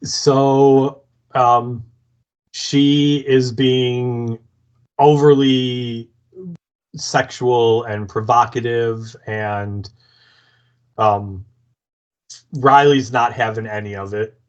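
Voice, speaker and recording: A man co-hosting a podcast, casually recapping a TV episode in a slow, filler-heavy way. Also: mid-range voice, fairly even intonation, clear, resonant tone, muffled recording. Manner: slow, filler-heavy retelling with acted quotes. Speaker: podcast co-host.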